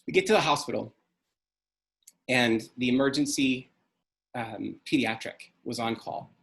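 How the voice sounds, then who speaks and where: A man's voice: mid-range voice, unhurried, gravelly, a bit bright. A middle-aged man telling a personal story in an earnest, emotional way. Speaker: speaker.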